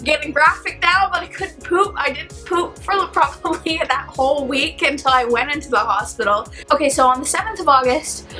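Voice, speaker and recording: A young woman telling a personal story in a casual, animated vlog, saying "like" a lot. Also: high voice, normal speed, hardly any pauses, soft background music. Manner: chatty, animated, heavy use of "like". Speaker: vlogger.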